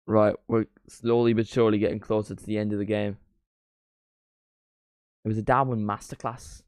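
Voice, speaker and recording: A man's voice: lowish voice, level tone, a little mellow, no echo, studio quality. Chatty man calling football live. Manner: chatty, rambling, with quick play-by-play calls. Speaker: watchalong streamer. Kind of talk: live football watchalong commentary.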